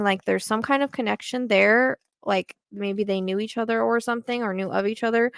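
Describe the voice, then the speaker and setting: A woman's voice: mid-range voice, creaky, dry recording, studio quality. A woman giving a psychic reading in casual, hesitant talk full of fillers and restarts. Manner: hesitant, rambling with many fillers. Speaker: psychic medium.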